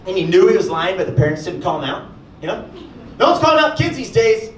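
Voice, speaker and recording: A man performing a stand-up comedy set, telling stories with lots of animation and acting out other people in high voices. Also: sing-song, quick pace. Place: comedy club stage with audience. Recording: echoey club, far-off mic, audience noise.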